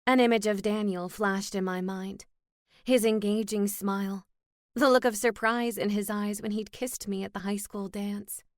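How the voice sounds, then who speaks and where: A woman narrating a first-person cozy mystery audiobook in a steady, wry storytelling manner, close to the mic. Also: mid-range voice, moderate pace, no echo.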